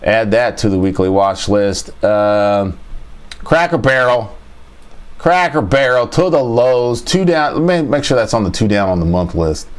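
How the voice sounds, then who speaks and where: A man's voice: fairly low pitch, unhurried, clean tone. A man hosting a casual livestream chart review, thinking aloud, repeating his phrases and talking to his chat. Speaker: trading show host.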